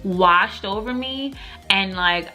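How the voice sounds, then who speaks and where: A woman's voice: medium pitch, slow pace, pushed and bright, faint music behind. A young woman vlogger chatting casually to camera with lots of fillers, laughing as she tells stories.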